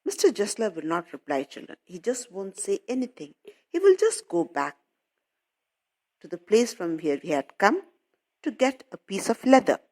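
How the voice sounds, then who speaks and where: A woman's voice: medium pitch, sing-song, moderate pace, darkish tone. A woman English teacher explaining a story to schoolchildren, patiently repeating and paraphrasing while calling them children.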